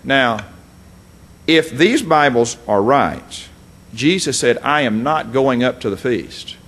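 A man's voice: mid-range voice, lively intonation, slow, fairly bright tone. A man preaching a folksy, emphatic sermon, reading scripture and adding asides.

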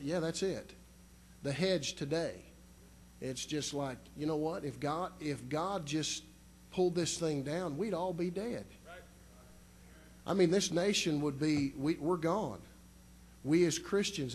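A minister introducing the guest preacher, halting and full of fillers but heartfelt. His voice sits somewhat high. Faint noise hums behind him. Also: a little mellow. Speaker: youth conference minister introducing the speaker. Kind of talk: sermon introduction.

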